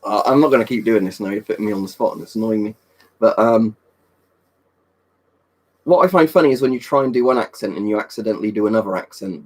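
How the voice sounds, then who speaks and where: A man's voice: fairly low pitch, darkish tone. A man chatting casually on a live stream in a rambling, talkative way, answering viewers' questions and swearing now and then. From Britain.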